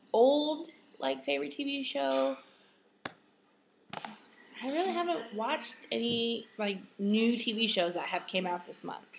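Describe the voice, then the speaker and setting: A woman in her thirties talks through her monthly favorites in a loose, rambling way, full of fillers like "like" and "you know". Her voice sits in a middle pitch. A faint hum of room noise sits behind her. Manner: chatty, rambling, lots of "like". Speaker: vlogger. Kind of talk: casual monthly favorites vlog.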